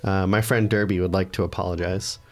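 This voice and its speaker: A man playing a tabletop game, speaking gently and reassuringly in character. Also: sits low, fairly even intonation, a little fast. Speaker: player.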